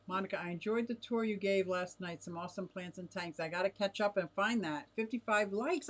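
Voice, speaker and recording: A woman's voice: mid-range voice, lively intonation, a little fast, a bit bright. A middle-aged woman hosting a casual livestream from her home, chatting and giggling as she reacts to viewer comments. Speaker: livestream host reading chat. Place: home fish room with tanks.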